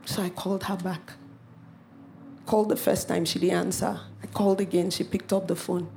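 A woman from Africa preaching a sermon, animated, with playful asides and acted-out quotes. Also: on the low side, moderate pace, gravelly, slight background noise.

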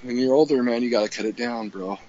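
A man's voice: medium pitch, fast, dark tone. A young man co-hosting a casual podcast chat, ranting with crude jokes. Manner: crude, joking, rants. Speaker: podcast co-host. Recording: dull lo-fi sound with faint noise.

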